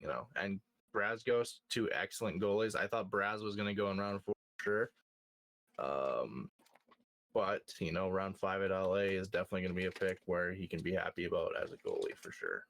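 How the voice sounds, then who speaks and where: A man giving casual analysis of draft picks, hesitant with many pauses. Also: sits low, lively intonation, a bit bright, no room sound.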